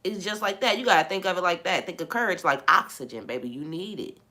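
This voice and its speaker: A young woman hosting a podcast, talking in a relaxed, conversational way about faith and sometimes dropping into a hushed voice when she tells a story. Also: on the low side, fast. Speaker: podcast host. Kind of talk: casual spiritual talk.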